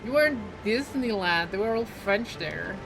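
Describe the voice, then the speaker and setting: A woman's voice: medium pitch, animated, normal speed, gravelly, over music, rough recording. A young adult woman streaming a game live, chatting casually and playfully with lots of "like" fillers. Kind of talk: casual live gameplay chat.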